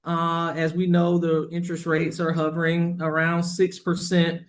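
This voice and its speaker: Affable man, slightly high voice. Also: monotone. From Florida. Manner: affable, quick to agree, jokes along. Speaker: real estate agent, guest. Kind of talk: casual interview conversation.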